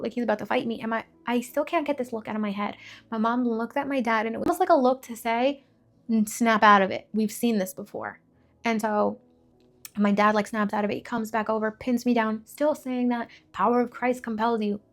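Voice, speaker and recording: A woman's voice: on the high side, steady tone, brisk, faint music behind. A woman giving an emotional personal testimony, telling her story vividly with many fillers and restarts. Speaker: testimony speaker.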